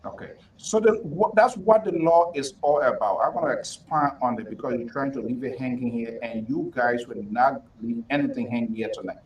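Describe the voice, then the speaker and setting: A man's voice: medium pitch, moderate pace, hardly any pauses, distant mic, slight background noise, low-quality recording. A man hosting a political talk show, interrupting and pressing his guests hard for direct answers.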